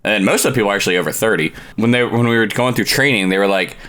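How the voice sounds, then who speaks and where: Bright-voiced man in his twenties. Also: fairly low pitch, rapid-fire. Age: 20s. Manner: joking, laughs at own jokes. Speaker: podcast co-host. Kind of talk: casual chat.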